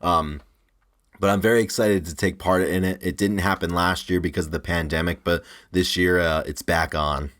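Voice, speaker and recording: A man's voice: low-pitched, fairly even intonation, normal speed, fairly bright tone. A young man in his twenties, co-hosting a podcast, telling rambling stories with many restarts and frequent laughs. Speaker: podcast co-host. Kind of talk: casual podcast chat.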